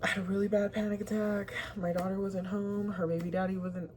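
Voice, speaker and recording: A young woman talking candidly to camera in a rambling, confessional way, now and then dropping to a hushed whisper. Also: medium pitch, level tone, fairly quick, slight background noise. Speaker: vlogger. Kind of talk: candid personal talk to camera.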